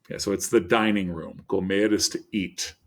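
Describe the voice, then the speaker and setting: A man with a lowish voice gives a recorded vocabulary lesson. He explains in an upbeat, teacherly way and reads word lists out slowly, one word at a time. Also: steady tone, vocal fry. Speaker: Spanish teacher.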